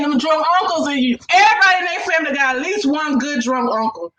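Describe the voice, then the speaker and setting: A woman's voice: sits high, expressive, unhurried, bright, forceful tone. A woman hosting a casual reaction chat, laughing often and repeating herself while talking to viewers. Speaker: host. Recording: echoey room with faint noise.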